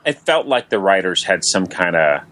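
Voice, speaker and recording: Rambling low-voiced male podcast co-host. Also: big pitch swings, moderate pace, fairly bright tone. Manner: rambling, self-interrupting, laughs easily. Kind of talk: casual chat.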